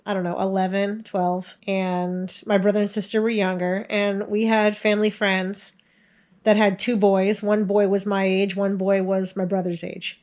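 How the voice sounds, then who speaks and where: A woman's voice: medium pitch, level tone, normal speed, a little mellow. A woman in her forties casually telling family stories to the camera in a chatty way, laughing often as she goes. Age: 40s. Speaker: video host sharing family stories.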